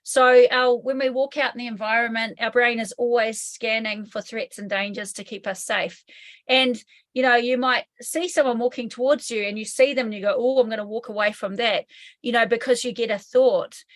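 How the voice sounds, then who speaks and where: Frank New Zealand woman, higher voice. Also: steady tone, normal speed. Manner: candid, swears casually, acts out inner voices. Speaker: hypnotherapy trainer, guest. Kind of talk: explanatory interview talk.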